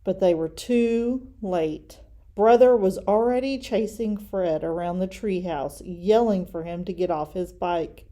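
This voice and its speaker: A woman's voice: mid-range voice, a little slow, dark tone. A woman reading a children's storybook aloud expressively. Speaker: story reader.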